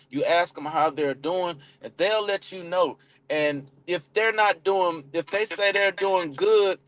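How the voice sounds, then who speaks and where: Man coaching in a loose, repetitive ramble. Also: on the high side. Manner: loose, repetitive, acts out phone calls. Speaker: real estate coach. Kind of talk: casual live-stream chat.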